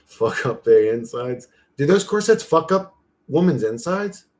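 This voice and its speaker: A man hosting his own channel chats loosely and profanely to himself while clicking through an image generator at his computer. His mid-range voice is sing-song, unhurried, and a little mellow in this casual rambling chat.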